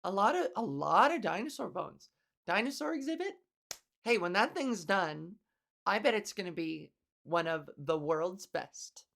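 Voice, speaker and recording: A woman's voice: mid-range voice, very animated, measured pace, creaky, a bit bright. Wry, rambling woman podcast host. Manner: wry, rambling comedic storytelling with casual swearing. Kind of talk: late-night solo podcast monologue.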